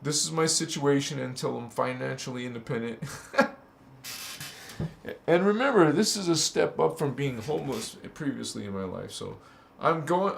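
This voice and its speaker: A man hosts a casual spiritual livestream from his bedroom, laughing often and tossing in street slang. His voice sits high and swings widely in pitch. It carries a gravelly edge and rings in a roomy, echoey room. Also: slight background noise. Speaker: livestream host. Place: bedroom, on a squeaky bed.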